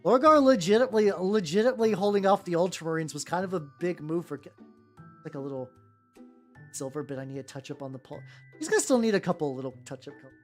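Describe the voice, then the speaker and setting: A woman's voice: fairly low pitch, lively intonation, fast. A young woman chatting casually on a stream while painting miniatures, rambling with lots of fillers and casual swearing. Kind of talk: casual livestream chat. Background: soft background music.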